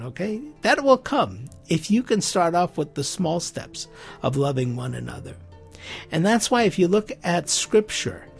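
A man preaching a sermon in a lively, conversational way, with asides and quick questions to his listeners. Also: a little high, creaky.

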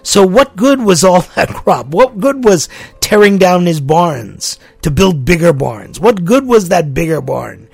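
A man preaching a sermon, emphatic and deliberate, repeating his key phrases for weight. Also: high voice, big pitch swings, gravelly, slightly rough, no echo, faint music behind.

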